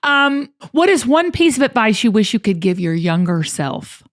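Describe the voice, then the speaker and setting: Middle-aged Southern woman, talk show host, lively animated exclaiming delivery. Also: on the high side, no room sound, clean studio sound. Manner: bubbly, exclaiming, quick questions. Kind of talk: casual interview chat.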